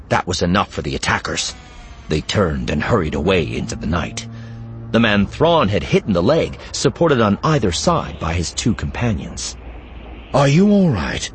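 Man narrating an audiobook with lively pitch. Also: slight background noise. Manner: dramatic, expressive reading with swings between hushed and urgent. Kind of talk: scripted narration.

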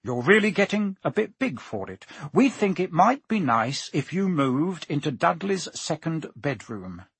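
A man plays a stern, blustering middle-aged uncle in a storybook reading. He barks short, clipped orders in a slightly husky voice, with dry sound close to the mic. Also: fairly high pitch, very animated, a little slow, hardly any pauses, a bit bright, dry recording, heavily acted. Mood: curt. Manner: short, snapping commands.

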